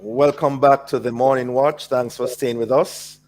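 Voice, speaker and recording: A man's voice: mid-range voice, fairly even intonation, measured pace, a little mellow, soft background music. A man hosting a radio talk show, polite and formal as he guides the discussion.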